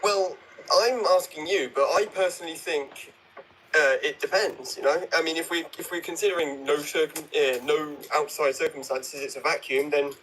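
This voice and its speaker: A man's voice: fairly high pitch, fairly bright tone, rough recording. Argumentative man calling in, faint noise. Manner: quick reader, argumentative questioner. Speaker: caller on a livestream. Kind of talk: casual call-in debate.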